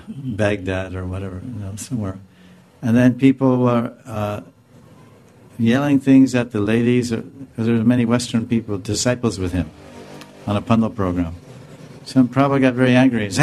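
A man speaking as a spiritual teacher, answering a question in a relaxed, conversational discourse and often stopping to correct himself. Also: medium pitch, fairly quick, a little hiss or hum. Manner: conversational, self-correcting, chuckling now and then.

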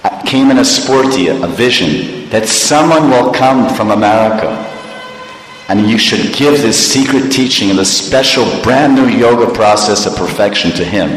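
A man's voice: fairly low pitch, animated, moderate pace, close to an everyday voice. A man voicing a boastful centuries-old male Himalayan guru, in a pompous, theatrical, mock-solemn way. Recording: echoey hall reverb.

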